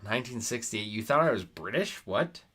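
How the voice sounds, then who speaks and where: Casual American man, low voice. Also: animated, brisk, sharp tone, husky. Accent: American, Nevada. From United States. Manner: chatty, reads viewer comments aloud and argues with them, swears when annoyed. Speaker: streamer. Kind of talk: casual live-stream chat while playing a geography quiz.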